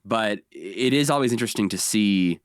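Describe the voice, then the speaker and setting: Podcast co-host, male, lowish voice, lively recapper, dry close mic. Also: no echo. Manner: recaps episodes animatedly, slipping into quick character voices. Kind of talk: casual podcast chat.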